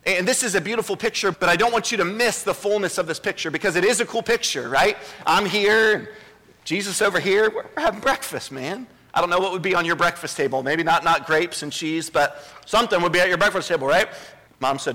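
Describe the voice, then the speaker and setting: A man pastor preaching a sermon from a church stage, earnest and repetitive, dropping to a soft hush for quoted words. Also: high-pitched, fairly quick, big-room sound. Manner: earnest, repeats words, drops to a soft hush when voicing Jesus.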